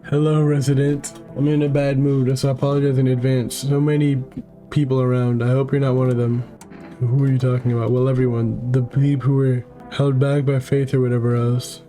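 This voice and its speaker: A man's voice: medium pitch, warm tone, close to an everyday voice. A man reading as a bitter, ranting resident. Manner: gruff, ranting. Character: bitter angry male resident.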